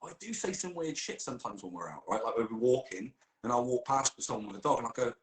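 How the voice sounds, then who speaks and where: A man's voice: medium pitch, lively intonation, fast talker, hardly any pauses, roomy sound, low-quality recording. A man telling a comic story during role-play, swearing a lot and laughing as he goes.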